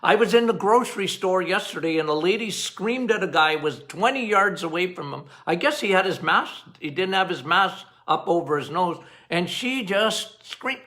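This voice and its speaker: A middle-aged man, a doctor hosting a health podcast, talking straight to his listeners in an animated way, going off on tangents and repeating phrases for emphasis. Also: high voice, moderate pace, few pauses. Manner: animated, talks straight to listeners, quotes patients in playful voices.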